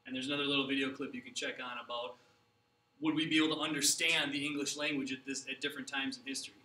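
A man's voice: mid-range voice, little pitch movement, fast talker, pushed and bright, reverberant, distant mic, a little hiss or hum, rough recording. A man teaching a geography lesson over slides, casual and chatty with many restarts. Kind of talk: classroom lecture over slides.

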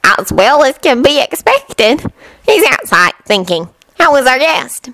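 A woman reading a fanfiction aloud, voicing a steady old grandmother who speaks matter-of-factly. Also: high voice, measured pace, no room sound, pitched above the performer's own voice, heavily acted.

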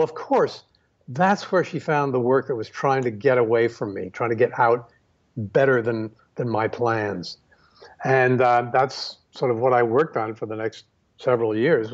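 Male interview guest, mid-pitched, reflective storyteller with lots of fillers; dull lo-fi sound. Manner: unhurried, many fillers and restarts. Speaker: photographer guest.

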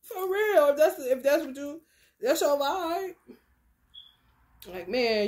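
A high-pitched woman speaking with in a loose, chatty spiritual talk. She laughs often and swings from low murmurs to bright bursts. It sounds like a tarot reader talking straight to her viewers. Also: expressive, slow pace, pauses often. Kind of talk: casual spiritual monologue.

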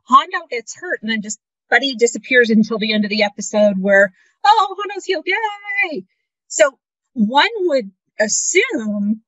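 A woman's voice: medium pitch, a bit bright, no room sound. A woman co-hosting a casual fan podcast, giving incredulous, exasperated commentary. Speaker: podcast co-host. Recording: dry, dull lo-fi audio.

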